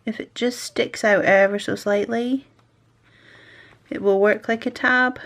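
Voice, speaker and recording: A woman's voice: medium pitch, steady tone, slow pace, fairly bright tone. A woman chatting casually as a stationery vlogger, self-deprecating and talking to herself while she works. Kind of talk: casual chat while crafting.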